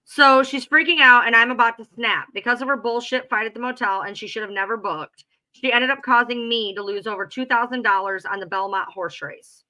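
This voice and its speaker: A woman's voice: on the high side, steady tone, fairly quick, sharp tone, low-quality recording. A woman bluntly telling her side of a falling-out in casual talk, sounding exasperated.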